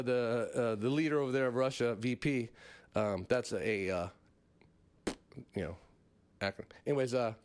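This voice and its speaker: High-pitched guy rambling on his comedy podcast, voice jumping all over, laughing as he goes. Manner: rambling, laughing, mocking asides. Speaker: podcast host. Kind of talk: casual comedic monologue.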